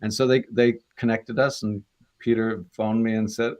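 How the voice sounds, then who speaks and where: A man's voice: lowish voice, steady tone, moderate pace, a little mellow. A Canadian man in his sixties, an actor guest, telling rambling stories in a casual interview and acting out voices. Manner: rambling anecdotes, acts out quoted voices.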